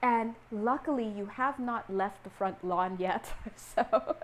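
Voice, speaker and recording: A woman giving a casual tarot reading, animated and playful, acting out little scenes and laughing often. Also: medium pitch, takes it slowly, slight background noise. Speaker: tarot reader.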